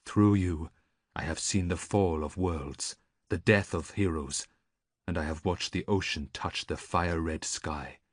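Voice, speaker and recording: Man doing a grim old seer, very deep, soft and slow, dry audiobook sound. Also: husky, no room sound. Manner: quiet, slow and solemn. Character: old gloomy male seer, reluctant prophet.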